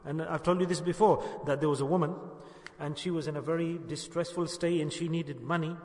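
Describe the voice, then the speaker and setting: A male preacher telling a moral story in a sermon, swelling loud on the lessons and dropping to a hush in the tale. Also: a little high, fairly even intonation, brisk. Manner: emphatic, rising loud on moral points, hushed in the story. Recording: echoey hall with long reverb.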